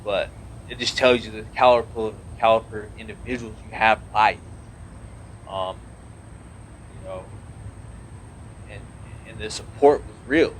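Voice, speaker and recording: A man in his thirties speaks in a somewhat low voice, earnest and rambling, circling back through restarts and fillers as he talks. It is a relaxed podcast conversation with faint background noise under his voice. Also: measured pace, pauses often. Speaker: podcast guest, naval officer. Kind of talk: casual conversational interview.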